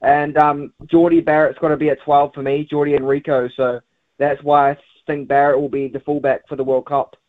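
A man's voice: a little high, flat delivery, a little fast. A man calling in to a sports radio show, talking rugby with lots of ums and uhs. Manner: hesitant, many fillers. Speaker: caller. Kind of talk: phone-in sports chat. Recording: phone line.

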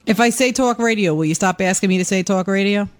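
A woman's voice: medium pitch, quick pace, dry recording, clean studio sound. A woman with a New York accent, a producer on a talk radio show, answering teasing with wry deflection. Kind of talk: casual on-air banter.

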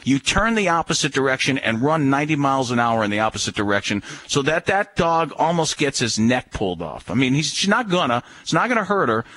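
A man's voice: medium pitch, very animated, a little fast, few pauses, a bit bright, no room sound. Firm, coaching man on the radio. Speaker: radio guest giving dog advice. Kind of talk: casual radio chat.

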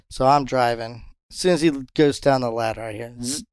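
A man who captains a charter fishing boat, telling fishing stories in a casual interview and jumping into high voices when he quotes others. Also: a little fast, creaky, smooth, dry recording. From Pompano, Florida. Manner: animated storyteller, jumps high when quoting others.

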